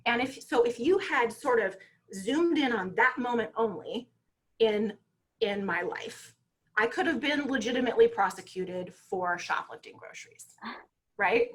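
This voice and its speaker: A woman speaking as a guest on parenting, telling stories in a lively, conversational way and often checking in with "right?" over a video call. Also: fairly high pitch, measured pace. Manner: lively storytelling, frequent "you know" and "right?". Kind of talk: conversational talk.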